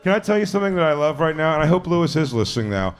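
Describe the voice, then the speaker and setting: A man's voice: on the high side, sing-song, very fast, clear, resonant tone. A man hosting a podcast who asks questions and makes emphatic, profane points. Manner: emphatic, swearing, laughing, questioning. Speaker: podcast host. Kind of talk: casual chat.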